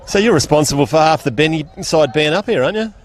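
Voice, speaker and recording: An Australian man calls a country football match live from an outdoor ground. His voice sits a touch high, and his commentary is chatty and folksy, full of local slang. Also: lively intonation, fast.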